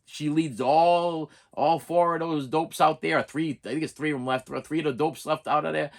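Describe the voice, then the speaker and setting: A man's voice: on the high side, steady tone, moderate pace, creaky. A man casually reviewing horror movies on a vlog, rambling with many restarts and repeats, laughing often and checking in with "okay?".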